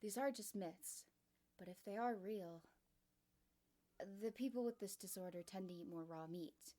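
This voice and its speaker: A woman voicing a female schoolteacher who explains a lesson in an even, matter-of-fact way in a storybook reading. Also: mid-range voice, unhurried, close to an everyday voice. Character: calm female schoolteacher giving a lecture.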